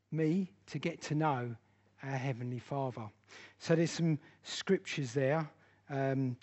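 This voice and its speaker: A man's voice: mid-range voice, darkish tone. A man teaching a church Bible study class, speaking earnestly and with emphasis.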